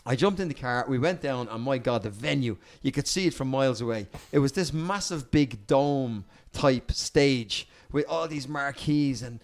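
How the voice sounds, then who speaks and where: An Irish man, a podcast guest, telling a cheeky, lively anecdote and swearing freely as he goes. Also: mid-range voice, normal speed, hardly any pauses.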